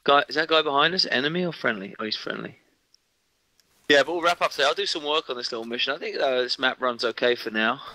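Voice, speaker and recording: A man's voice: medium pitch, quick pace, pushed and bright, no room sound, low-quality recording. A man streaming a military game, chatting casually and thinking aloud as he plays. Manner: rambling, thinks aloud while playing. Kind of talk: casual gaming commentary.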